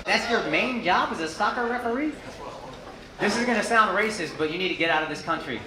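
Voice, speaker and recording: A man's voice: sits high, expressive, fairly quick. A man doing stand-up crowd work on a club stage, brash and profane, teasing audience members and laughing at his own jokes. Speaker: stand-up comedian. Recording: roomy club with loud crowd noise.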